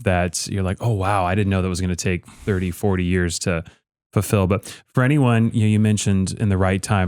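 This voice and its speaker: A man's voice: deep voice, a little mellow, clean tone, no echo. A man hosting a faith podcast, asking long, searching questions full of fillers. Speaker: podcast host. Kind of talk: interview questions.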